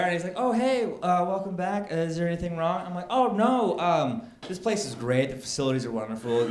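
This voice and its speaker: A male stand-up comedian telling a story, acting out the people in it and getting loud and exasperated. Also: fairly high pitch. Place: comedy club stage. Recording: echoey club with crowd laughter. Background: audience laughing.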